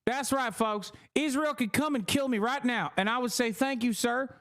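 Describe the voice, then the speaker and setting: A man's voice: very high-pitched, moderate pace, a bit bright, clear, resonant tone, pitched above the performer's own voice. A man putting on a Southern US accent to mock an older, blustering, hawkish senator. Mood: bombastic. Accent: Southern US, put on. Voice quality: bombastic, mocking.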